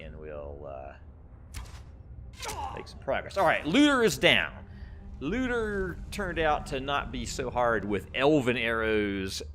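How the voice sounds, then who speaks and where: A man's voice: fairly low pitch, fairly bright tone. A man giving rambling, casual commentary while playing a video game, chuckling often. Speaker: gameplay commentator. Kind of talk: casual let's-play commentary.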